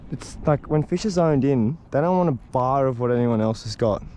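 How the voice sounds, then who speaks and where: Angler-vlogger, warm mellow tone, excitable and sweary, light outdoor hiss. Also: male voice, medium pitch, moderate pace. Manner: excitable, swears when frustrated. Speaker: fishing vlogger. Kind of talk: casual fishing vlog commentary. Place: outdoors on the water.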